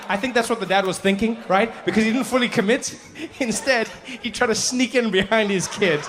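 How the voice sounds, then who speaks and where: A man performing a stand-up comedy story, animated, with punchy asides and lots of voices. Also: high voice, brisk, few pauses, noisy background.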